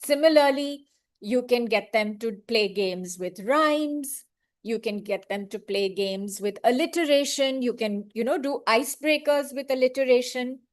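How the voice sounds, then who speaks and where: A woman training librarians in an online webinar, speaking patiently and sounding out words syllable by syllable. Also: on the high side. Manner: slow, patient, clapping out syllables.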